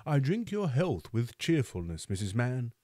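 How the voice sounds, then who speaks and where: A man's voice: medium pitch, very animated, a little slow, dark tone, no echo, clean studio sound. A man doing a pompous parish beadle. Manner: pompous, oratorical, stern.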